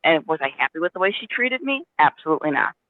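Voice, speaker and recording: A man's voice: a little high, very animated, fast talker, dry recording. A man earnestly telling a personal story in a casual spiritual discussion, with many restarts. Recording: dry, tinny phone line.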